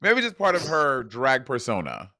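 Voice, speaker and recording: A man co-hosting a casual recap podcast, playful and teasing with quick reactions. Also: medium pitch, huge pitch swings, sharp tone, no room sound, clean studio sound. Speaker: podcast co-host.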